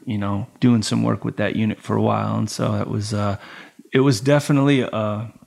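A man's voice: on the low side, fairly quick, vocal fry. A man telling a story as a podcast guest, casual and profane, acting out the voices of the people in it. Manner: profane, animated, acts out the voices in his stories.

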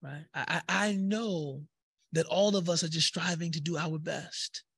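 A man's voice: fairly high pitch, fairly even intonation, a little slow, a bit bright, breathy edge. A man teaching a spiritual text in a conversational way, with many fillers and tag questions. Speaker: religious teacher.

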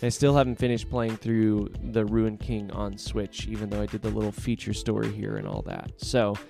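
A man's voice: on the low side, flat delivery, moderate pace, vocal fry, darkish tone, faint music behind. A man hosting a storytelling podcast, narrating expressively and chatting casually at the end.

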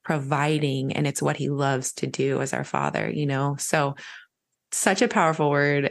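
A woman hosts a faith-centered chat in a low voice. There's a gravelly fry running through her words. She speaks to her guest in an encouraging way and keeps coming back to God's provision. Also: fairly even intonation, moderate pace. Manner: warm, encouraging, talks about God. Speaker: podcast host. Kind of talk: casual faith conversation.

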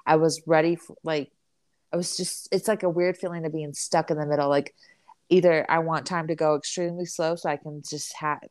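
A woman's voice: low-pitched, fairly even intonation, brisk, darkish tone, no echo. A young woman co-hosting a podcast, chatting casually with many fillers and restarts. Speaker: podcast co-host. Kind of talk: casual chat.

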